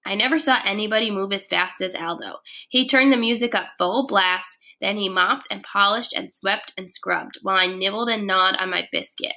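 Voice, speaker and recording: A woman, a first grade teacher, reading a children's chapter book aloud in an expressive, lively way. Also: mid-range voice, normal speed, hardly any pauses.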